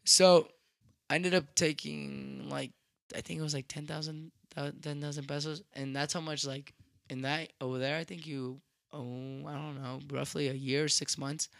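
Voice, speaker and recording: A man's voice: fairly high pitch, little pitch movement, moderate pace, gravelly, fairly bright tone, dry recording, studio quality. Young man telling a profane, rambling story. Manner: rambling, profane, with frequent restarts; slips into Spanish phrases. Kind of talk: casual storytelling.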